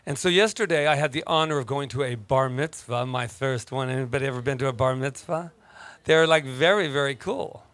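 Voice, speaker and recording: A man preaching a casual sermon as pastor, telling stories in an animated, joking way. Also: mid-range voice, normal speed, clear, resonant tone, no echo. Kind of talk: conversational sermon.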